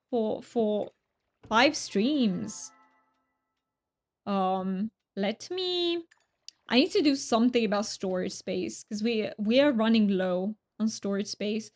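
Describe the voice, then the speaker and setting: A woman's voice: on the high side, animated, takes it slowly, pauses often. A woman streaming live, chatting casually with viewers, often giggling and thanking them by name. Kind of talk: casual livestream chat.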